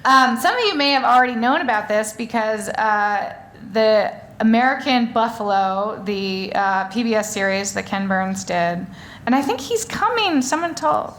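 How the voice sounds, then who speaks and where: A woman's voice: fairly high pitch, lively intonation, normal speed, fairly bright tone. A woman author talking on stage before an audience, rambling in a chatty way with many fillers and restarts. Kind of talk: live stage conversation.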